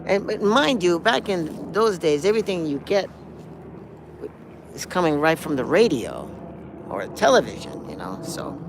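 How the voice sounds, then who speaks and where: A man in his sixties, hosting a live stream and telling a rambling, animated story, now and then humming melodies and acting out quotes. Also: sits high, normal speed, a little hiss or hum. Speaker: host.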